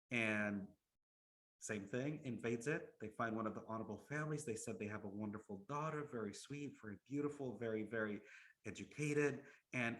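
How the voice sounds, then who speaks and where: A man recounts an old tale in an Islamic lecture, mid-pitched and conversational. He often repeats words as he restarts, and throws rhetorical questions at his listeners. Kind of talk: storytelling lecture.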